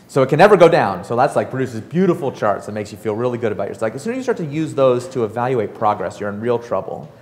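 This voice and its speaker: A man giving a casual, animated talk to an audience, full of fillers and acted-out quotes. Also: medium pitch, fast talker, hardly any pauses, long reverb tail, a little hiss or hum. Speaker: startup author and speaker.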